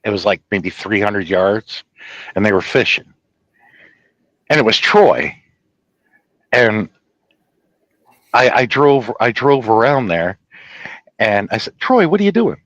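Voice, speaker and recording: A man telling a personal story in a rambling, profane, animated way, laughing at his own tale. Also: on the low side, takes it slowly, long pauses, no room sound, lo-fi sound.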